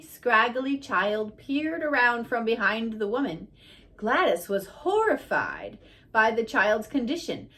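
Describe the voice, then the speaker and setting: A woman reading a biography aloud at a steady storytelling pace. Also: a little high. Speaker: audiobook reader.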